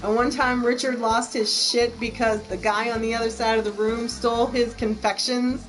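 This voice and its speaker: A woman's voice: a little high, flat delivery, moderate pace, low-quality recording. Chatty American woman streaming a game. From United States. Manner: chatty, gushing, laughs easily. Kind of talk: casual let's-play chat.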